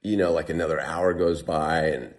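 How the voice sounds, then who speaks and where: A man's voice: very deep voice, normal speed. A man telling a personal story casually to an interviewer, often saying "like". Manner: animated, heavy use of "like". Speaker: guest telling a survival story.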